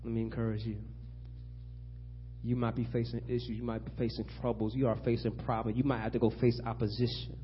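With a mid-range voice and a level tone, this fast-talking preacher rises to loud, emphatic peaks and sinks into hushed passages. He regularly acts out biblical figures in conversational asides, captured in lo-fi sound with slight hiss or hum.

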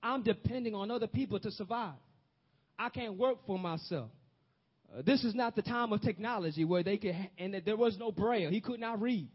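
Man preaching, very high voice, husky, dull lo-fi recording. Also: brisk. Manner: call-and-response preaching, rising to shouts. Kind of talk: sermon.

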